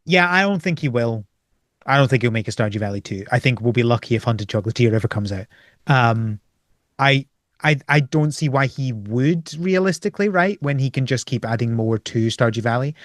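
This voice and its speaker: A man co-hosting a casual gaming podcast, excitable, acting out his own reactions. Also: medium pitch, a little fast, dry recording, studio quality. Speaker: podcast co-host.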